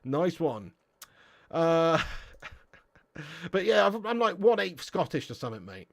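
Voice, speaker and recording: A young English man hosts a football live stream, reading out chat and trading cheeky, swear-laced banter with viewers. His voice sits a touch high and sounds dry and close to the mic. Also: big pitch swings, takes it slowly, no echo. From England. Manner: banter-heavy, swears freely, laughs often, slangy.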